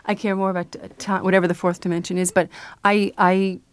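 A woman's voice: medium pitch, level tone, quick pace, clean tone, no room sound. A woman guest in a radio interview, talking about her work with many fillers, restarts and easy laughter. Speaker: guest, children's book author and illustrator.

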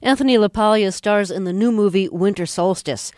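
Woman host asking curious amused questions, mid pitch, dead dry studio. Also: fairly quick, a little mellow, dry recording. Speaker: interviewer host. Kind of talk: radio interview.

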